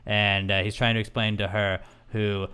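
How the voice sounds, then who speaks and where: A man's voice: lowish voice, little pitch movement, normal speed, pushed and bright, smooth. A young man co-hosting a podcast, telling stories in laid-back casual chat with many fillers. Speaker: podcast co-host.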